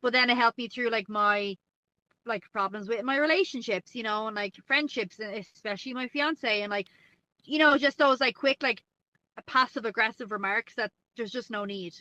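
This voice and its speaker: A chatty woman with a North Dublin Irish accent, her voice bright and a little high, scattering "like" through every sentence. The sound is dry and slightly dull. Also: normal speed, no echo. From Ireland. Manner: chatty, many "like"s, laughs often. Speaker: guest co-host. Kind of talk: casual podcast chat.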